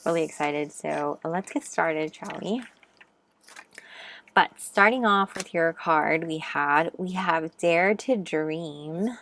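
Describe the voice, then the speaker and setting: A young woman doing a pick-a-card tarot reading, speaking gently and encouragingly with frequent ums. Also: sits low, slow pace, a little hiss or hum. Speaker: tarot reader.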